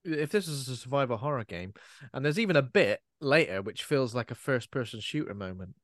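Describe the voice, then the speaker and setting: A man's voice: medium pitch, animated, brisk, no echo. Jokey man in a dry room. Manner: jokey, riffs with comic asides and voices. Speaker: podcast co-host. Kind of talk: casual chat recapping a film.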